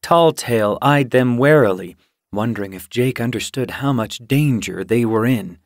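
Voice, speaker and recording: Give me a man doing measured audiobook narration, mid-pitched, in a dead dry booth. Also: no room sound. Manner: measured, unhurried storytelling. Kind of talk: scripted narration.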